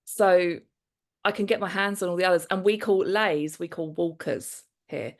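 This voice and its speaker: A middle-aged woman with a London accent chatting as a podcast guest. Her voice sits slightly low and she talks in easy, rambling bursts full of fillers. She laughs often as she explains things. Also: moderate pace. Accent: British, London. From United Kingdom. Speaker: guest, TV producer. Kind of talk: casual interview chat.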